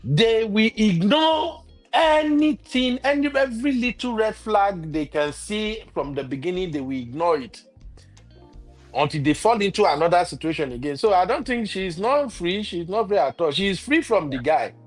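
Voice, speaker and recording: A man, a co-host in a casual talk show, giving strong opinions in a lively way and laughing often. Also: high voice, normal speed, faint music behind. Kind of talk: casual chat.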